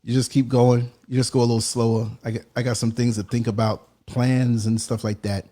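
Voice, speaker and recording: A man's voice: mid-range voice, little pitch movement, brisk, warm tone. Laid-back male podcast host. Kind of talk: casual call-in chat.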